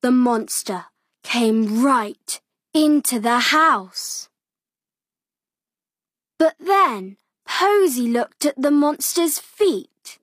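A woman reading a picture book aloud for small children, slow and expressive. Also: sits high, no room sound, studio quality. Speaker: children's story reader.

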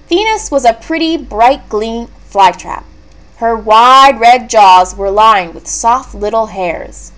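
A woman reading a leveled children's book aloud, clear and expressive. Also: a little high, takes it slowly. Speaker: storybook reader.

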